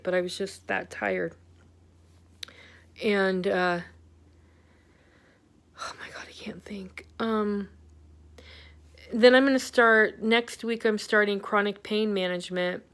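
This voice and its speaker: A woman's voice: mid-range voice, a bit bright, clean tone. Candid woman venting in a rambling vlog. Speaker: vlogger. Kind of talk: personal health update vlog.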